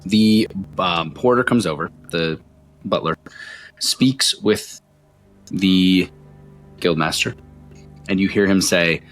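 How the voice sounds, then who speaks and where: A man's voice: low voice, slow, pauses often, fairly bright tone, faint music behind. A man narrating as game master of a tabletop role-playing game, often stumbling and repeating words.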